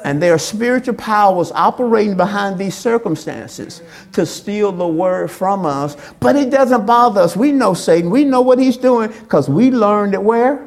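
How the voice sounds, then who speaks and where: A woman pastor preaching a sermon, acting out quoted lines with big swings in pitch and loudness. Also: animated, normal speed.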